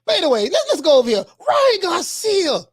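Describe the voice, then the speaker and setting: A woman doing casual livestream boxing commentary, animated, repeating herself and laughing often. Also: very high-pitched, brisk.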